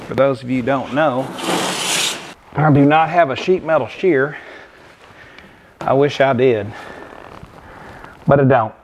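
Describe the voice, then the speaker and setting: Here's a breathless man with a darkish, medium-pitched voice who speaks a bit slowly and pauses a lot. Slight background noise sits under his casual garage tutorial, where he jokes around in a folksy manner while building a car himself.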